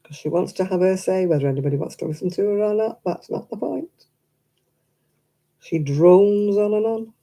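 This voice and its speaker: Gravelly, dark-voiced chatty woman. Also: mid-range voice, moderate pace. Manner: chatty, rambling, self-deprecating. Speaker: crochet live streamer. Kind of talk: casual chat to a live audience.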